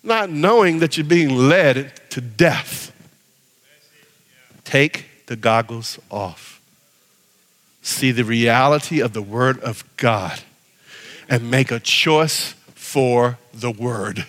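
A man preaching a sermon as pastor, animated, swinging from loud exhortation to hushed prayer. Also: mid-range voice, slow, pauses often. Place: church sanctuary. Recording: long reverb of a church hall.

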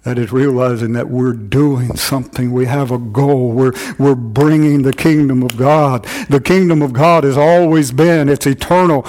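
A man's voice: steady tone, moderate pace, hardly any pauses. An older man preaching a sermon to his church, repeating phrases and rising in fervor as he drives each point home. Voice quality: grows louder and higher when stirred. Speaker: pastor.

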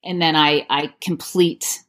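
A woman in her thirties with a fairly low voice talks about her narration work. She is relaxed and chatty, filling her answers with "like" and light asides. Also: slow. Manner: chatty, with many "like" fillers and light laughs. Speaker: audiobook narrator and voice actor. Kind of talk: casual interview answers.

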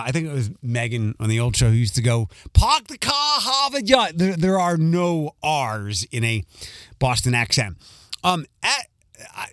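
A man's voice: on the high side, a bit bright, no echo, clean studio sound. A male radio host with a light Philadelphia accent, rambling through a casual monologue with plenty of ums and restarts. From Philadelphia area.

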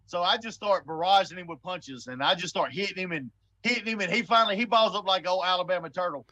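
A man, telling a story in an animated way, often stammering and laughing. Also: sits high, fast, lo-fi sound. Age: 40s. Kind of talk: casual storytelling.

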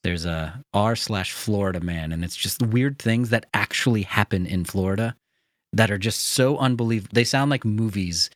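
A man's voice: fairly low pitch, moderate pace, no room sound. An American man hosting a podcast, chatting in an easygoing, enthusiastic way into a studio microphone. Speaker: podcast host. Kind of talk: casual podcast chat.

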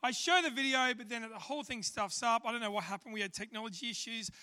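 High bright Australian man preaching. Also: quick pace. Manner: chatty, self-deprecating, with fillers. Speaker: church speaker. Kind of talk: sermon with humorous storytelling. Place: church service. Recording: long reverb of a church hall.

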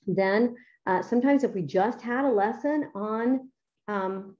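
A middle-aged woman teacher talks through her editing method in a chatty, enthusiastic way, full of ums and asides. Her voice is warm and mellow, sitting at a middling pitch. The recording sounds somewhat dull and lo-fi. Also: unhurried. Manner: chatty, enthusiastic, many fillers. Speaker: writing teacher.

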